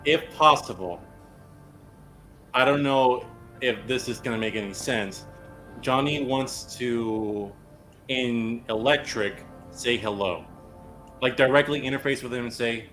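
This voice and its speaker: Man, tabletop player, hesitant and earnest, mid pitch, faint music underneath. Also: a little slow, pauses often, a bit bright. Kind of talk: casual tabletop play.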